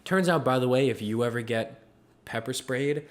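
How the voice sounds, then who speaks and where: In easy podcast banter, a male co-host tells a story with animation, performing the quotes and laughing in bursts. He speaks at a medium pitch and normal speed.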